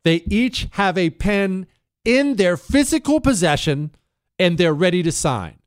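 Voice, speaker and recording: A man's voice: high-pitched, sing-song, unhurried, clean tone. A man hosting a talk show, telling a long story in an emphatic way and talking straight to his listeners. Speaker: radio show host.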